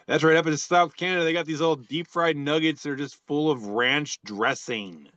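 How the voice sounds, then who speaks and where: Man, casual podcast chat, slightly high voice, rambling and joking, dull dry recording. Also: moderate pace, fairly bright tone, dry recording. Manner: rambling, joking, with many fillers and restarts. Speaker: podcast co-host reading social media posts.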